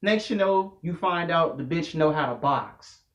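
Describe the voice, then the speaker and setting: A man delivering a loud, profane comedic rant to camera, telling slangy stories as a vlogger. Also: on the high side, unhurried. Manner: loud, animated, slangy storytelling. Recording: echoey room, dull lo-fi audio.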